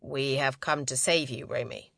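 A woman voicing a firm but gentle male commander who speaks with quiet, steady authority in a storybook reading. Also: medium pitch, normal speed, vocal fry, no room sound, clean studio sound, voice pushed down.

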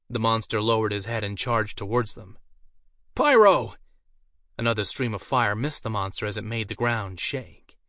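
A man reading a fantasy story aloud with an even, storytelling delivery. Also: fairly low pitch, no room sound, studio quality. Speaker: narrator. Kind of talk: audiobook narration.

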